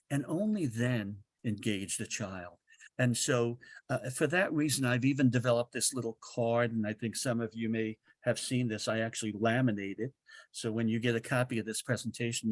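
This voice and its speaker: Man presenting a webinar, earnest n animated, lots of restarts, mid voice, dry sound. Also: mid-range voice, no echo.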